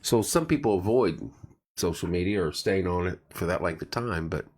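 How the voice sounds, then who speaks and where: A man's voice: low-pitched, lively intonation, moderate pace, darkish tone, slightly rough. A middle-aged man losing his voice, hosting a casual live chat and greeting viewers by name as he rambles. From central Indiana. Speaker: live stream host.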